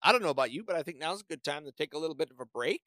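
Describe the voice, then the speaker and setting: A man co-hosting a casual podcast, his bright voice bouncing up and down as he rambles through a fond story. He is recorded close and dry, with no room sound behind him. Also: on the high side, lively intonation, very fast, dry recording. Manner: rambling storyteller, many restarts and fillers. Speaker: podcast co-host. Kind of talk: casual chat.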